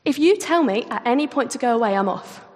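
A woman speaking as a no-nonsense mum who runs marathons, blunt and matter-of-fact, with short firm sentences. Her voice sits fairly high, and a long hall reverb trails after each phrase. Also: lively intonation, fast, darkish tone, natural voice.

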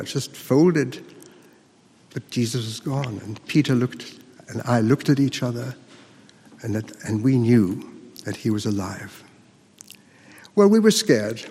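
A man performing a first-person monologue as a disciple recounting the crucifixion, speaking earnestly with emphatic dramatic pauses. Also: medium pitch, a little mellow, breathy edge, long reverb tail.

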